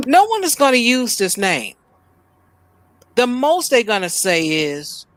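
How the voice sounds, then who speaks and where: Host, woman from Chicago, slow exasperated rant, dry close sound. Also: a little high, very animated, no room sound. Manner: blunt, exasperated ranting. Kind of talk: news reaction commentary. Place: at home.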